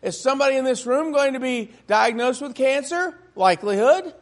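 A man whose voice is strikingly high gives an emphatic sermon to his congregation, repeatedly posing rhetorical questions. He is expressive and speaks at normal speed.

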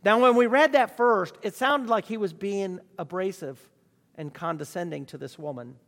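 A man's voice: high-pitched, normal speed, fairly bright tone. A man preaching a sermon with emphatic rhetorical questions. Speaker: pastor. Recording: long reverb of a large hall.

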